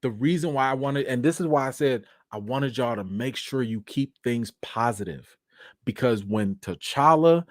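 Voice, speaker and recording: Brief: male live-stream host, mid-pitched, emphatic and chatty, dry recording. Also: moderate pace, dry recording. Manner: animated, emphatic, talks straight to viewers. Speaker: livestream host. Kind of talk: casual live-stream talk.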